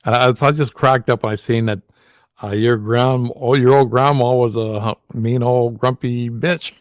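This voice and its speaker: A man's voice: mid-range voice, fairly even intonation, no room sound, clean studio sound. Laughing podcast host, a man. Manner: halting, laughing, short reactions. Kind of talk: casual interview chat.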